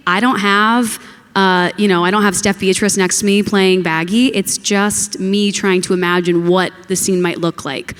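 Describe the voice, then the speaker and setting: A woman on a convention panel, giving earnest, explanatory advice. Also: medium pitch. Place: large convention hall. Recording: echoey convention hall.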